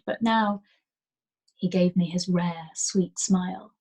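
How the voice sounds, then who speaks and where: A woman reading a novel aloud as a storyteller, in a soft and gentle manner that sometimes drops to a whisper. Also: lowish voice, fairly even intonation, slow pace, long pauses, husky, low-quality recording.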